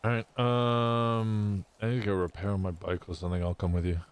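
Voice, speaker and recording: A man's voice: on the low side, little pitch movement, moderate pace, clear, resonant tone. A man streaming a roleplay game, chatting casually in character and laughing through his own stories. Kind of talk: casual in-character chat and storytelling.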